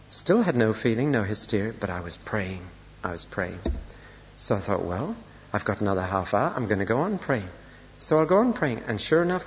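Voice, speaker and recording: A man's voice: fairly low pitch, a little hiss or hum. An older man, a pastor preaching a sermon, telling personal stories with dry, self-deprecating humor. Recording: lo-fi recording in a reverberant church hall.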